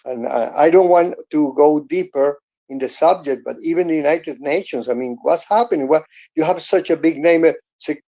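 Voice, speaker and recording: Hosting a casual online audio room, this earnest man from Venezuela, a native Spanish speaker, has a gravelly, warm voice pitched a little high. He speaks haltingly, restarting often and saying "I mean" a lot.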